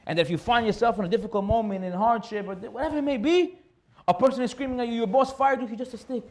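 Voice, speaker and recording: A man giving a sermon as a rabbi, telling stories animatedly and repeating key phrases for emphasis. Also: high voice. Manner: animated storytelling with repetition for emphasis.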